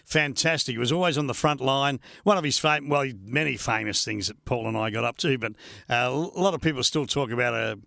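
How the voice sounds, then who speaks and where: Gravelly Australian man telling stories. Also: medium pitch, brisk, bright, forceful tone, no room sound, studio quality. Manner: chatty, laughing, many restarts. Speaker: radio host guest. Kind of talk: casual storytelling interview.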